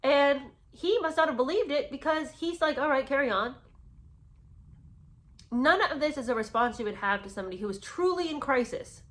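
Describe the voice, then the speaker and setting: A woman's voice: high-pitched, animated, fairly quick, hardly any pauses. A woman giving sarcastic, incredulous commentary while reading from a memoir. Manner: scornful, incredulous, emphatic.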